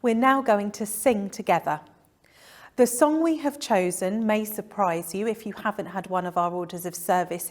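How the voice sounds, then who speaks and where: Woman reading a remembrance service script, soft and measured, middle pitch. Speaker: funeral service presenter.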